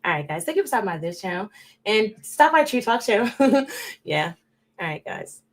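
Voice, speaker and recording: A woman hosting a casual livestream, rambling and chatting directly to her viewers, swinging between loud bursts and muttered asides. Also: mid-range voice, very animated, moderate pace. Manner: rambling, chatty, talks straight to chat viewers. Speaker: livestream host.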